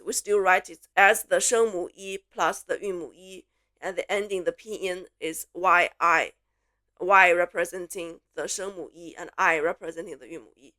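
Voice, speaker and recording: A woman from Beijing with a Mandarin Chinese accent, teaching a Mandarin lesson in English with slow, clear repeat-after-me drills. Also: fairly low pitch, pushed and bright. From Beijing, China. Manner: slow, clear model pronunciations switching between English and Mandarin.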